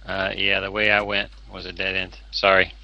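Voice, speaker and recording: A man's voice: low voice, completely flat delivery, moderate pace, no echo, lo-fi sound. A man chatting casually while playing a game, playful and fond of putting on accents. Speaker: game player. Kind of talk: casual gameplay chat.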